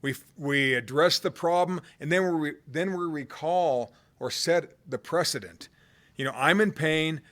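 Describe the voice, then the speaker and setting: A man preaching a sermon in a conversational way, swinging from loud cries to hushed low tones. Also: measured pace. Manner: conversational, with fillers and restarts.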